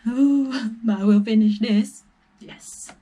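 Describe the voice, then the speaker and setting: A young woman talks slowly and gently through a casual reaction vlog. Her voice is warm and mellow, and she giggles often and drifts between fillers as she gets emotional. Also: fairly high pitch. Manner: soft-spoken, giggly, emotional, lots of fillers. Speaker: reaction vlogger.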